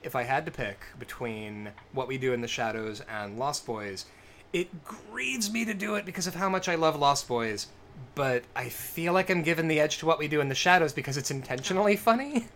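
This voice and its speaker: A man's voice: on the high side, lively intonation, fairly bright tone, a little hiss or hum. Laughing man chatting about movies. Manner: laughs often, quick movie-quote impressions. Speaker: podcast co-host. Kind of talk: casual chat.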